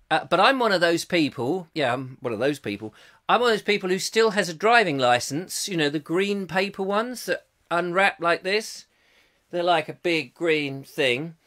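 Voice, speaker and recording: Male host, 50s, bright animated delivery, rambling and jokey between viewer comments. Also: on the high side. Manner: rambling, jokey, self-mocking asides. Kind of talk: live comic chat show, reading viewer comments.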